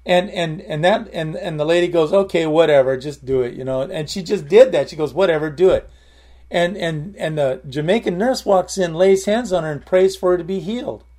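A man's voice: high voice, moderate pace, hardly any pauses, darkish tone. A man preaching informally, telling a story in a rambling way and often repeating his words.

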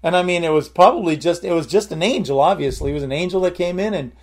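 A man's voice: fairly high pitch, quick pace, a little mellow. A man preaching informally, telling a story in a rambling way and often repeating his words.

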